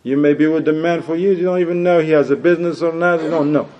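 A man's voice: a little high, steady tone, fast, a little mellow, muffled recording. A man giving a religious lecture as a preacher, exhorting his listeners with rhetorical questions and Arabic religious phrases. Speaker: Islamic preacher.

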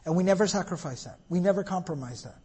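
A man's voice: sits high, lively intonation, quick pace, darkish tone, slightly rough, big-room sound. A man preaching a sermon, retelling a story with quoted dialogue and explaining each part. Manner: retells dialogue, switches between Arabic and English.

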